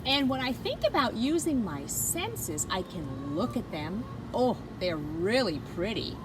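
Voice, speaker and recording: A woman teaching a science lesson to young children, talking in a slow, sing-song teacher voice full of exaggerated enthusiasm. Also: medium pitch, big pitch swings, noisy background. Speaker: kindergarten teacher. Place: school campus, partly outdoors.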